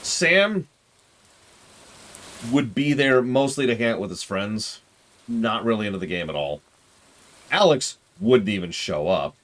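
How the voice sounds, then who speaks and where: A man's voice: fairly low pitch, a little slow, pauses often. A man streaming a game, chatting casually and joking with his viewers. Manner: chatty, jokey, animated.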